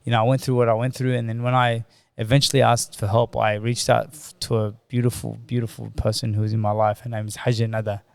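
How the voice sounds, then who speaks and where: A man's voice: mid-range voice, little pitch movement, fast talker, gravelly, few pauses, a little mellow, clean tone, no echo. An Australian man in his thirties, a podcast guest telling a painful personal story in loose, conversational speech, often replaying past conversations as dialogue. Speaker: podcast guest, former boxer.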